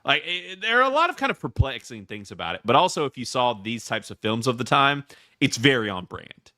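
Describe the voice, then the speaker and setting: A Southern man rambles through a casual movie review as host, full of restarts and fillers. His voice is bright and swoops up and down, and the sound is dry and close. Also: medium pitch, very animated, fairly quick, no room sound. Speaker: podcast host.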